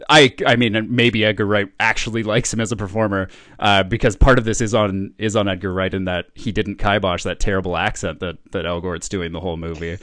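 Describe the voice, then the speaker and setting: A man with a fairly low voice talks through a film in a casual chat, blunt and quick to swear. He often laughs mid-sentence. The sound is dry and close, with no room around it. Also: a bit bright, dry recording. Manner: blunt, profane, laughs while talking. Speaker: podcast co-host.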